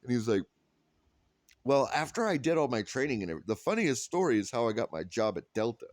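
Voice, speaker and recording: A man's voice: medium pitch, very animated, fast, dry recording. A man in his thirties telling a funny story in a casual vlog, quoting people and laughing often. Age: 30s. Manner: rambling with restarts and "like". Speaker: vlogger.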